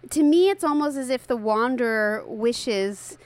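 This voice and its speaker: Woman host, somewhat high pitch, playful and giggly, casual music talk. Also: measured pace. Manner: playful, laughs often. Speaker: podcast host.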